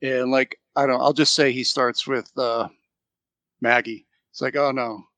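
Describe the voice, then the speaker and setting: A man co-hosting a casual podcast chat, retelling a story with lively quoted lines and laughter. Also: mid-range voice, unhurried, dry recording. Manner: animated retelling, quoting characters with laughs. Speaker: podcast co-host.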